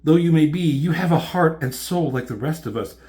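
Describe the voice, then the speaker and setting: A man's voice: fairly high pitch, fairly quick, mellow, natural voice. A man voicing an overwrought woman warrior in a raised, theatrical, grandiose old-fashioned way. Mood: pleading. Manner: grandiose archaic delivery.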